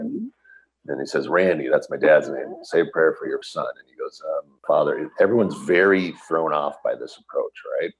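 Very deep husky middle-aged man. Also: moderate pace. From US Midwest. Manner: earnest, animated retelling with quoted dialogue and restarts. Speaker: guest telling his recovery story. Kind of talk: personal storytelling in an interview.

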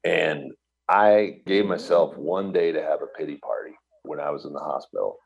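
A man's voice: a bass voice, moderate pace, creaky, slightly rough, muffled recording. A middle-aged man, a guest on a radio interview, telling his story in an earnest, emotional and reflective way. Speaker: guest, author and restaurant entrepreneur.

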